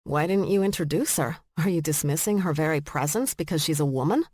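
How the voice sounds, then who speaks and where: A woman narrator voicing a fiery, indignant young woman teammate with sharp, exasperated outbursts. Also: deep voice, expressive, a little fast, slightly rough, no room sound, clean studio sound.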